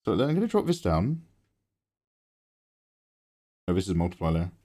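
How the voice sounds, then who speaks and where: Excitable, swearing man chatting on stream. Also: deep voice, moderate pace. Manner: excitable, swears freely, chats to viewers. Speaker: live-stream artist. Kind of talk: casual live-stream chat while drawing. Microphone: close microphone.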